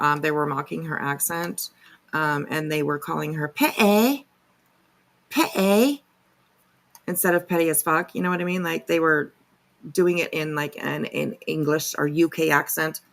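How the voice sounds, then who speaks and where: A woman's voice: deep voice, fairly even intonation, moderate pace, creaky, pushed and bright. A woman hosting a casual reaction chat, rambling with lots of "like" and "um". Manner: rambling, heavy with "like" and "um". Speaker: commentary host.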